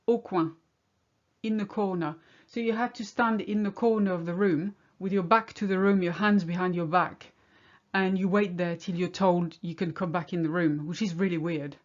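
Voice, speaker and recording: A middle-aged woman from France, speaking with a French accent in a medium-pitched, slightly mellow voice, gives a casual video lesson. She teaches in a chatty, wry way, and the home recording sounds slightly muffled.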